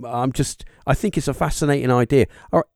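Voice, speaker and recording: A man hosting a podcast interview, talking in a halting, musing way with lots of fillers and restarts. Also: mid-range voice, steady tone, creaky, darkish tone, dry recording, studio quality. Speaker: podcast host. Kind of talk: casual interview chat.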